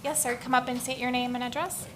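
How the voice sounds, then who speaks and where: A woman chairing a village council meeting, calling up speakers in a brisk, procedural way. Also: sits high, fairly even intonation, heavy background noise.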